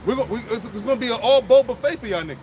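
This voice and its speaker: A street preacher gives an impassioned outdoor sermon, blunt and profane, repeating himself to hammer each point home. His voice is extremely high, expressive, and very fast, with background noise behind him.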